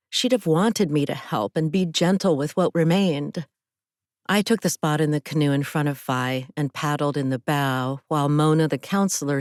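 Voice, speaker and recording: A woman author reads her own thriller audiobook in the first person, telling it with feeling. Her voice sits low. The recording is dry and close, with no room sound. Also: no room sound. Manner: emotional first-person storytelling. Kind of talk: audiobook narration.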